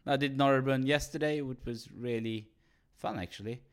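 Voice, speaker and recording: A man's voice: mid-range voice, normal speed, smooth. A male comedian co-hosting a podcast in casual, swearing chat, acting out scenes as he tells stories. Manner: animated, swears a lot, acts out movie quotes.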